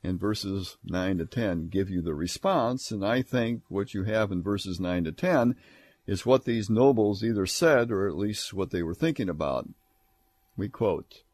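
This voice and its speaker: An older male lecturer reads scripture and unpacks it for his class in a lowish voice. The sound is close and dry, with no room around it. He now and then mocks a sneering tone when quoting. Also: animated, a little slow, a little mellow, dry recording. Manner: reads scripture aloud, then explains it plainly; mimics sarcastic voices in quoted lines. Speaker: Bible lecturer. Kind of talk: academic lecture.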